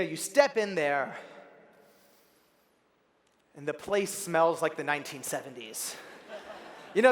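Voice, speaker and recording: Animated young man telling a story on stage. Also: high-pitched. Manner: animated, acts out the people in his story, bursts of shouting. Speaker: keynote speaker. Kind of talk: storytelling keynote speech. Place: large convention center hall. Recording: long hall reverb from a PA.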